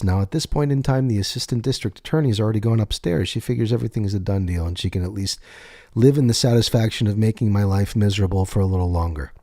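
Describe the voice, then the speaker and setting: A man telling his own life story in a candid, profane way, slowing down on emphatic words. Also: lowish voice, dark tone, dry recording, studio quality. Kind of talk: personal storytelling monologue.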